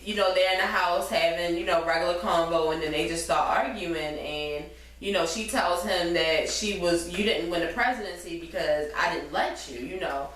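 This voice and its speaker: Brief: casual woman podcaster, mid-pitched, in an echoey room away from the mic. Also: moderate pace. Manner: animated, swearing, retelling scenes in quoted voices. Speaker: podcast co-host recapping a TV episode. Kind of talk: casual chat. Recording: echoey room, far from the mic, faint noise.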